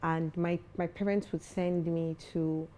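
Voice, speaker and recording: As a guest in an interview, a young foundation founder talks with earnest conviction and self-assurance, becoming animated during stories. Her voice is a little low and mellow rather than bright, and her pace is a little slow.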